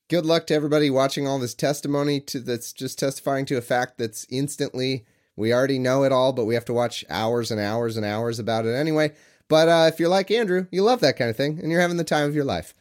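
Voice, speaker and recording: A man from California co-hosting a podcast, working through a quiz question in rambling, joking casual chat that keeps cutting itself off. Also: medium pitch. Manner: rambling, self-interrupting, joking. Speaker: podcast co-host answering a quiz.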